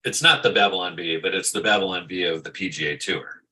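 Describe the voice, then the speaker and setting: A man with a very low voice that still has a bright, forceful edge, chatting as co-host. He talks emphatically, dropping quick asides and trading jargon. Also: rough recording. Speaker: co-host of a markets show. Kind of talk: casual chat.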